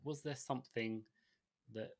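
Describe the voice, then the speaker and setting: A man's voice: mid-range voice, fairly even intonation, measured pace, no room sound, studio quality. A man co-hosting a podcast in casual chat, rambling and hesitant, with frequent restarts and fillers. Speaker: podcast co-host.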